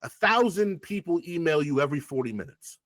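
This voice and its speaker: A man's voice: a little high, fairly quick, no echo. A rapper chatting as an interview guest in a slightly raised voice that swings widely up and down. He tells loose, profane stories and jumps into the voices of the people he's talking about. The sound is close and dry. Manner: animated, profane, acts out past conversations. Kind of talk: casual interview storytelling.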